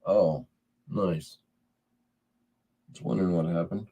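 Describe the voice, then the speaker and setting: Casting: male stream host, low voice with a dark, gravelly edge, unhurried delivery. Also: steady tone. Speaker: livestream host. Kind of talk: casual chat, reading viewer comments aloud.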